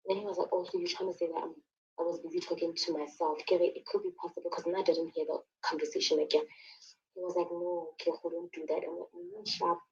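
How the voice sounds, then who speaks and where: A young woman from Lesotho telling her own story in a casual, animated way, acting out the quotes and saying "like" and "sharp" often. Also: on the low side, quick pace, far from the mic, highs cut off.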